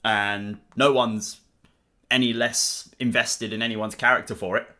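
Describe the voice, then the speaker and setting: A man co-hosting a casual podcast chat in a relaxed, agreeable way. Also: fairly low pitch, unhurried. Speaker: podcast co-host.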